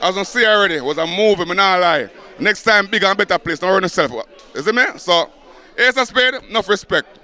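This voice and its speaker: A man with a Jamaican accent giving energetic shout-outs to a party crew. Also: high-pitched, a little fast.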